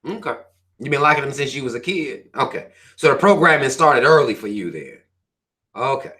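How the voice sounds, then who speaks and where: Animated, preachy man ranting to viewers. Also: medium pitch, a little fast. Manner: animated, profane, preachy, fires questions at listeners. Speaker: channel host reading viewer comments. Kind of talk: livestream rant.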